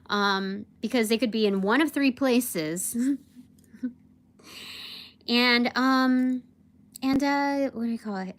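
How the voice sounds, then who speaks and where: Young woman, slightly high voice, vlogger who rambles and vents in a loose storytelling style. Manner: rambling, animated, many fillers, mimics her boss. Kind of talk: casual livestream storytelling.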